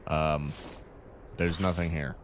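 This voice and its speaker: A man's voice: rumbling low, slow pace, a little hiss or hum. A young man co-hosting a gaming channel, chatting casually and swearing and laughing with a friend while they play. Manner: reads the briefing in a flat official tone, then swears and laughs with a friend. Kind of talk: casual gameplay chat.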